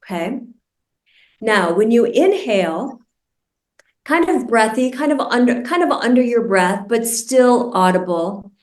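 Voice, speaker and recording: A woman meditation teacher guiding a group through a breathing practice, speaking slowly and deliberately, over a video call. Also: a little high, lively intonation. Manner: slow, deliberate, soothing instruction. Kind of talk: guided meditation instruction. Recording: roomy and distant from the mic.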